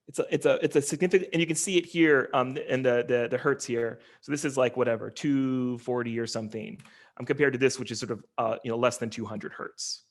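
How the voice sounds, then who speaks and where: A man's voice: medium pitch, fairly even intonation, fairly quick. A man, a linguistics professor, giving an online lecture in an explanatory way, with frequent ums and restarts as he walks through slides.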